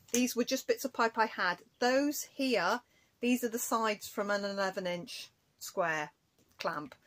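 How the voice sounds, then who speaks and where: A woman's voice: medium pitch, fairly bright tone. A woman chatting casually to camera in a cross-stitch vlog, rambling and breaking off to scold her cat.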